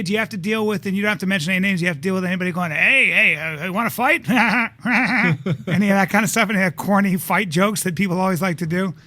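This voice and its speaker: High, bright-voiced male host. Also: no room sound. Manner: chatty, animated questioning. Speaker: podcast host. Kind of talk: casual chat show.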